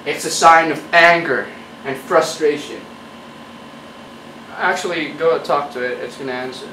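A man's voice: on the high side, unhurried, pauses often, bright, forceful tone, roomy sound, far from the mic, slight background noise, low-quality recording. A man doing a profane, mock-angry comedy rant straight at his viewers. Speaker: YouTube comedian.

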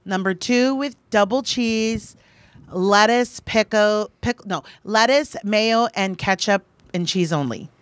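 A middle-aged woman, a podcast guest, chatting in a brash, profane, animated way. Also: medium pitch, slow, clear, resonant tone, no room sound. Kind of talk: casual chat.

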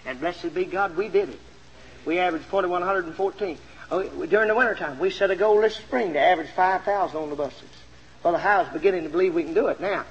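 A man's voice: high voice, quick pace, in a large hall, lo-fi sound, slight background noise. A man preaching a sermon, telling a story with lots of animation and then urging his listeners on, in a 1970s LP recording made in a church auditorium with a pulpit mic.

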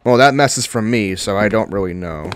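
With a low-leaning voice and a brisk pace, a young gaming host offers casual horror game commentary, profanely grumbling to himself in frustration. There's slight background noise.

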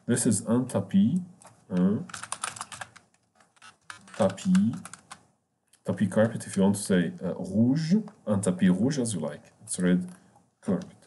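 Teaching beginners in English, a man who grew up speaking Arabic walks through a French lesson with patience. He repeats every word and slowly spells each one letter by letter, his voice low and mellow.

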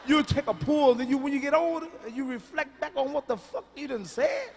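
A man doing a live stand-up routine with loud, emphatic storytelling that drops to hushed asides. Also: extremely high pitch, animated, fairly quick, a little hiss or hum. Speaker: stand-up comedian. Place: large live venue.

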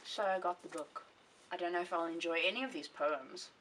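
A young woman with a lowish voice talks a little fast, rambling chattily about her books in a vlog and often correcting herself mid-sentence. She sits a bit distant from the mic, and there's a faint hiss.

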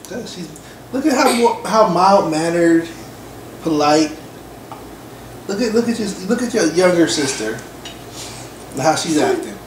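A woman's voice: big pitch swings, unhurried, pauses often. A woman, a parent, chatting and teasing her kids during a family meal. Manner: teasing, playful, low-key. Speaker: parent hosting a family mukbang. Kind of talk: casual family chat while eating. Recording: roomy home recording from a distance with noise.

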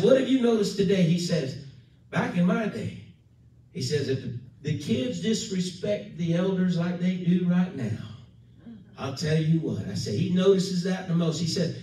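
A man's voice: sits high, mellow. A male pastor preaching an emphatic sermon, calling for amens and acting out quoted voices. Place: church sanctuary. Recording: echoey church from far off.

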